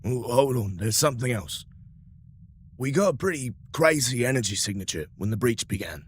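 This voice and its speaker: A man's voice: medium pitch, lively intonation, moderate pace, a little hiss or hum. A man speaking in character as a deferential officer in a tabletop game, with frequent hesitations. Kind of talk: in-character tabletop role-play.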